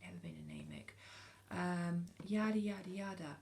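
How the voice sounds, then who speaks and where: A British woman in her forties speaks frankly to camera in a low, gravelly voice. She hesitates often, filling gaps with ums and restarting her sentences as she talks. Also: huge pitch swings, moderate pace, a little mellow. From United Kingdom. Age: 40s. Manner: frank and earnest. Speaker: vlogger. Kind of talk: casual talk to camera.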